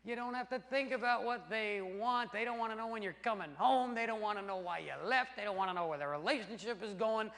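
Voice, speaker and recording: A man doing a stand-up routine, animated and crude, acting out voices for his punchlines on a live stage. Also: high voice, fast talker, few pauses. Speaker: stand-up comedian. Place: theater stage before a laughing audience. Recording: live stage with long reverb and loud noise.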